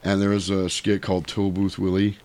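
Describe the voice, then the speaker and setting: A man's voice: low voice, fairly quick. A man casually retelling a cartoon with crude, profane humor. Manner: profane, animated, lots of voices.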